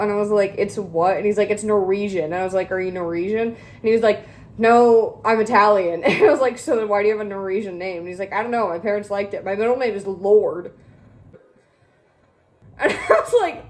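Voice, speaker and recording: A woman's voice: medium pitch, darkish tone, rough recording. A young woman in her twenties telling a rambling story in casual chat while cooking at home, full of filler words and swearing. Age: young adult. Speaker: vlogger. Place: home kitchen.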